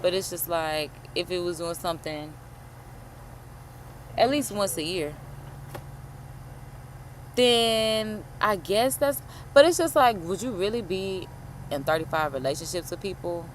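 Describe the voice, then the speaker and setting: A woman host chatting casually while reacting to a video, animated and slangy, swearing and calling listeners honey. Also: lowish voice, unhurried, long pauses, a little hiss or hum. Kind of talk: casual chat.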